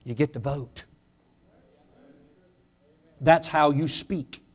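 A pastor with a Mississippi Southern accent preaching a sermon, his voice swelling to fiery shouts and then falling to a hushed prayer. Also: a little high, very slow, slightly rough. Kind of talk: sermon with altar call.

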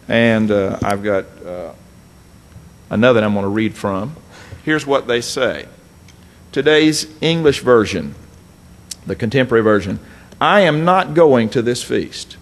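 A man's voice: medium pitch, expressive, measured pace, long pauses. A man preaching a folksy, emphatic sermon, reading scripture and adding asides.

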